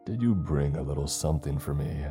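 A sly monster in human form, voiced by a male narrator, taunts in a very deep, dark voice. He sounds smug and calm, menace under every word. It is a horror story reading. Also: a little fast, faint music behind. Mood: smug, menacing.

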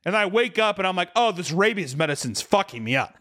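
A man's voice: high-pitched, a little fast. Profane man telling a wild story. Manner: profane, animated, acts out voices in quotes. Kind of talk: casual storytelling chat.

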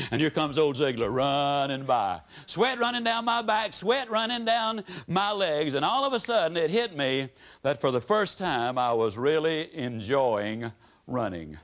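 A man from the United States giving a motivational lecture to a live audience, with a folksy, dramatic delivery that swings widely in pitch and loudness. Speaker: motivational speaker.

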